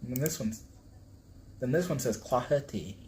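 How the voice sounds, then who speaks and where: A man's voice: mid-range voice, moderate pace, darkish tone, slight background noise. A man hosting a casual live stream, flustered as he stumbles over hard pronunciations and laughs at himself. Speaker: livestream host reading a book.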